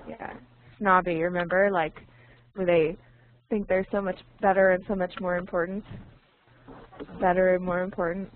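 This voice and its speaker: A woman teaching English online, speaking slowly and deliberately and repeating key words so learners can follow. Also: lowish voice, flat delivery, a little hiss or hum. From United States. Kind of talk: online language lesson. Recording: tinny phone-like online call audio.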